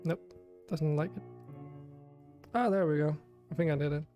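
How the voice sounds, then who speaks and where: A man's voice: a little high, moderate pace, mellow, soft background music. A man streaming a game, chatting casually with viewers in a chatty, self-deprecating way and laughing often. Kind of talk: casual live-stream chat.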